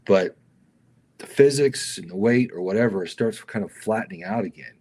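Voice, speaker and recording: A middle-aged man with a very deep voice tells his stunt stories in a loose, casual interview. He gets animated and raises his voice to act out other people, and he keeps calling the host "dude". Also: normal speed, slightly rough. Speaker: stuntman guest.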